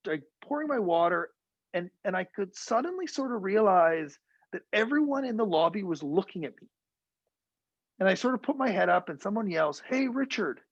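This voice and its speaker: A man from Canada, a TV news reporter, telling vivid firsthand stories as a guest and slipping into the voices of the people he quotes. His voice sits somewhat high. The sound is dull, dry and lo-fi, like a video call. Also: no echo. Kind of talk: storytelling in a virtual talk.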